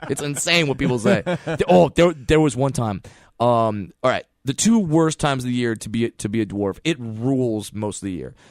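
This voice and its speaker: In this storytelling chat, an animated man speaks at a normal pace in a medium pitch, putting on voices for everyone he quotes in his funny tales. It's a clean studio recording with no echo.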